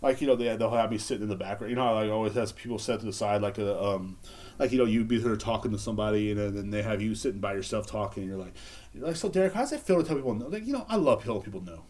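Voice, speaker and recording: A man's voice: on the low side, fast, darkish tone. A man hosting a casual solo podcast, rambling and joking with lots of swearing and filler words. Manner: rambling, joking, profane, laughs at own bits. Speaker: podcast host.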